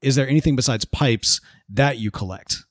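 A man hosting a podcast, talking in a casual, animated way with lots of fillers. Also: mid-range voice, moderate pace, dry recording, clean studio sound. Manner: animated, rambling with many fillers. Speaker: podcast host. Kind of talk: casual chat.

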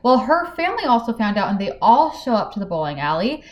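A woman's voice: fairly high pitch, fast, echoey room. A woman co-hosting a book podcast, chatting casually and animatedly acting out dialogue as she recaps the plot. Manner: animated, acts out dialogue while retelling the plot.

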